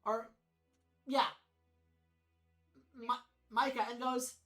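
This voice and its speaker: A woman's voice: on the high side, normal speed, pauses often, faint music behind, poor audio. A woman running a tabletop game as game master, narrating dramatically with frequent restarts.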